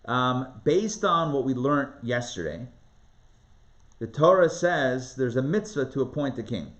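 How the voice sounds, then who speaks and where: Animated man teaching a Torah class. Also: mid-range voice. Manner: animated, dramatizes the text with rising voice and quick asides. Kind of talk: lively live online Torah lesson.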